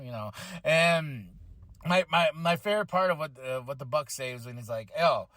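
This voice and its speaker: A man hosting a podcast, recapping a wrestling show in casual chat, excitable and full of fillers, acting out what people said. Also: mid-range voice, brisk, dry recording. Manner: excitable, acts out quotes with voices, many fillers. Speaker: podcast host.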